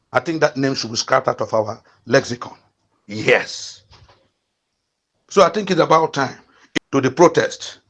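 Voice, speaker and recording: In a mid-range, fairly bright voice, a channel host in his fifties from eastern Nigeria gives passionate political commentary. He repeats fiery rallying calls over and over, frequently interrupting himself with fillers.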